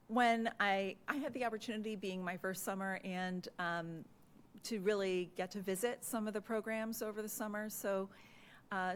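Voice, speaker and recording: A woman administrator, hoarse and losing her voice, gives a measured, earnest report at a public meeting with frequent "uh" and "um" fillers, into a desk microphone in a meeting room. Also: medium pitch, slight background noise. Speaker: school district administrator presenting a report.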